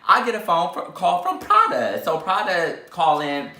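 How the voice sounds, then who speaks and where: A man in his twenties telling a dramatic story in a sassy, animated way, acting out the quotes. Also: sits high, normal speed, roomy sound, soft background music. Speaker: vlogger. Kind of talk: storytime while eating.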